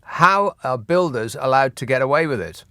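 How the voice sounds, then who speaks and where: A man's voice: mid-range voice, animated, moderate pace, bright, forceful tone, smooth, no room sound. A man hosting a radio phone-in, talking in a dry, sardonic way that builds into a rant. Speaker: radio talk show host. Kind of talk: late-night phone-in chat. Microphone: studio mic.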